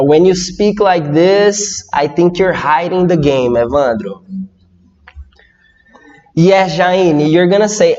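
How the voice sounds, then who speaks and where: Young Brazilian man teaching English live, unhurried delivery, reverberant room. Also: on the high side. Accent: Brazilian Portuguese. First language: Portuguese. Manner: slow, lively, reads viewer comments and asks questions. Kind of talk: live online English lesson. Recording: dull lo-fi audio with long reverb.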